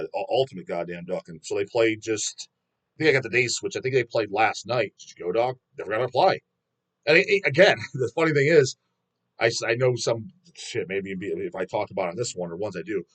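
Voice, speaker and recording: A man hosting a metal channel, ranting bluntly in a rambling, profanity-heavy vlog monologue. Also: medium pitch.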